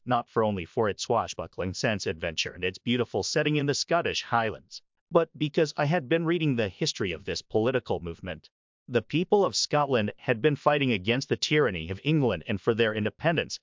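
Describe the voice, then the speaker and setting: A man's voice: medium pitch, lively intonation, brisk, no echo, dull audio. A man in his forties opens a sermon with a reflective personal story. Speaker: preacher.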